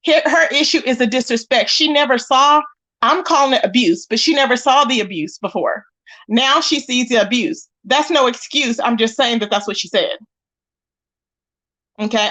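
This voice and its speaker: A woman, hosting a live stream, commenting casually in an animated and exasperated way as she acts out quoted lines. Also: sits high, poor audio.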